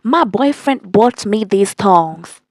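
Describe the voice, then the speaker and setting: A young woman telling a storytime vlog in a casual, animated way, cursing and repeating lines for emphasis. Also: mid-range voice, slow, no echo. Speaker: vlogger.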